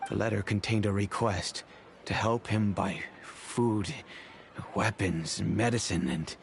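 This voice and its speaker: A man voicing a wealthy, kindly middle-aged father in game cutscene dialogue, telling the past in a measured, reflective way. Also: lowish voice, steady tone, vocal fry, background noise. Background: game music.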